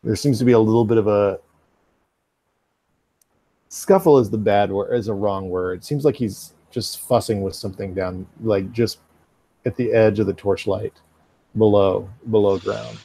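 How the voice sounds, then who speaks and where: A man running a tabletop game, talking through each scene with frequent pauses and fillers. His voice is mellow and sits in an ordinary range. The sound is dry and close. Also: on the low side, fairly even intonation, no room sound. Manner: descriptive, halting with fillers. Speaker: game master.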